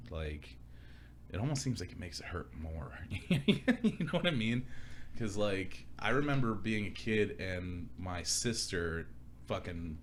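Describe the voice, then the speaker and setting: Young man, podcast co-host, low voice, crude and animated, laughs a lot, faint background hum. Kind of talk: casual chat.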